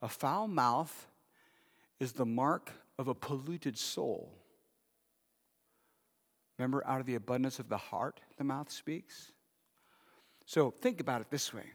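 Preaching as pastor, a man speaks at a measured pace in a medium-pitched voice, leaving long pauses. He addresses the congregation conversationally, asking them questions, and a long hall reverb hangs over the recording.

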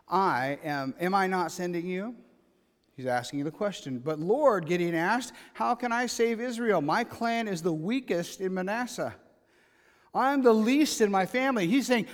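A man with a high-pitched voice preaches a sermon, moving between reading scripture and acting out the dialogue in everyday terms. His voice rings out with a long reverb, as if filling a church sanctuary. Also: moderate pace. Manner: animated preaching, reads scripture aloud and acts out paraphrased dialogue. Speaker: pastor.

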